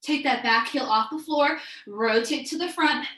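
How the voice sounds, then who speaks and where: A woman's voice: sits high, normal speed, fairly bright tone, echoey room, rough recording. A woman teaching a live online yoga class, calling out breaths and poses in an upbeat, encouraging way, a bit out of breath. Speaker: yoga instructor.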